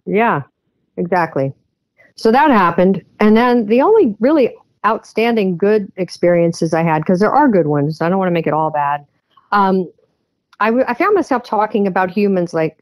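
A woman's voice: on the low side, animated, normal speed, darkish tone, no room sound. Woman, podcast guest, earnest storytelling, many fillers, dry close sound. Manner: earnest, vivid retelling with frequent fillers. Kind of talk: personal storytelling in an interview.

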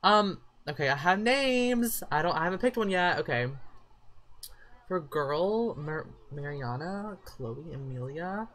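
Sassy let's-play commentator with a bright voice who trash-talks the characters on screen. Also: medium pitch, animated, a little slow. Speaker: gameplay commentator.

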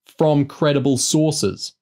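A man's voice: medium pitch, normal speed, voice pushed up, natural voice. A man playing a smug, patronizing commando leader. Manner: patronizing, sour, shouting over the line.

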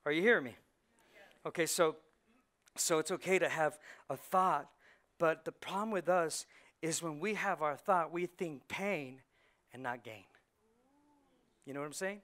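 A man preaching a sermon as pastor, animated, asking the congregation questions and acting out the voices in people's heads. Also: on the high side, unhurried, pauses often. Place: church sanctuary.

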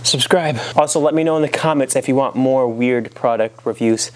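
A man hosting a comedic product review vlog from his living room, talking in an excitable way with frequent exclamations. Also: medium pitch, normal speed. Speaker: host.

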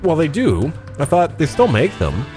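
A man's voice: fairly high pitch, huge pitch swings, moderate pace, dark tone, soft background music. A middle-aged man co-hosting a podcast over Skype, chatting casually, rambling and laughing often. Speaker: podcast co-host. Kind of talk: casual chat. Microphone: talking over Skype.

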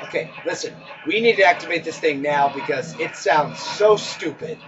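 High-pitched male gamer, pleading and swearing, muffled sound, game music behind. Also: normal speed. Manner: whiny, pleading, swears often. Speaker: game player. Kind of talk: casual gaming chat.

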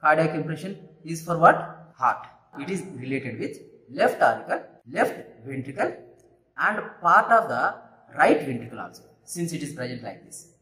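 A man's voice: a little high, expressive, moderate pace, bright, forceful tone. A man teaching anatomy, repeating terms and checking in with students. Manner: repetitive teacherly, checks with "Right?" and "Clear?". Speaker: anatomy lecturer. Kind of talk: classroom anatomy demonstration. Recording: echoey room.

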